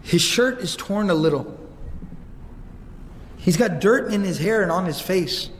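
Brief: animated male preacher, high voice, long reverb of a mosque hall. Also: a little slow, slight background noise. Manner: animated, repeats words while searching. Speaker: religious lecturer. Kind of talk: storytelling sermon. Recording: reverberant hall, faint ambience.

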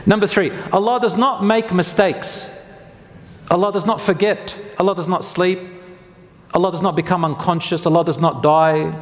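This preacher's voice is high-pitched, with fairly even intonation and a moderate pace. Speaking to his congregation conversationally, he asks the audience questions and fixes his own wording mid-lecture. A long reverb from the hall surrounds his religious talk.

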